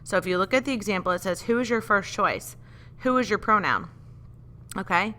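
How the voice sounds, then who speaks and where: A woman's voice: medium pitch, fairly quick, pushed and bright. A woman teaching a grammar lesson, patiently explaining step by step and asking the class questions. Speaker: English teacher.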